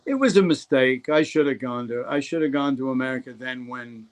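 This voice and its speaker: A man's voice: medium pitch, brisk. An older man, a guest actor, tells stories in an interview and acts out the voices of the people he quotes. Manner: animated storyteller who acts out quoted voices. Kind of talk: anecdotal interview storytelling.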